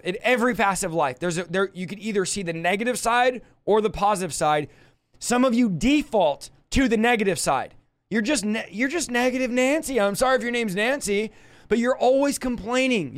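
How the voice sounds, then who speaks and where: A man preaching in a livestream Bible study, fiery and emphatic, speaking straight to the viewer. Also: high-pitched.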